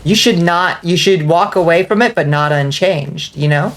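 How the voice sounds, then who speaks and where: A woman streaming a game live, chatting casually and rambling with lots of fillers, now and then breaking into excited outbursts. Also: lowish voice, moderate pace, a little hiss or hum. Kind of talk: casual livestream chat while gaming.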